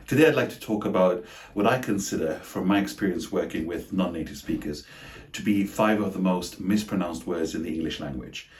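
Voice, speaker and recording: A man teaching English pronunciation in a scripted lesson, slowly and deliberately sounding out each example word. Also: low-pitched. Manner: slow, deliberate, over-articulated example words.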